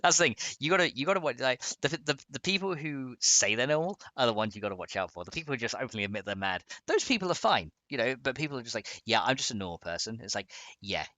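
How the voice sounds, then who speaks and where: A man's voice: mid-range voice, expressive, fast, few pauses, bright, forceful tone, no echo. A man casually chatting on a live stream while modding a game, rambling and laughing often as he reads chat.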